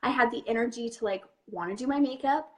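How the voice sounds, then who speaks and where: A woman's voice: fairly high pitch, quick pace. A young woman hosting a webinar, talking candidly and directly to an audience of women in casual chat. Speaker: webinar host and coach.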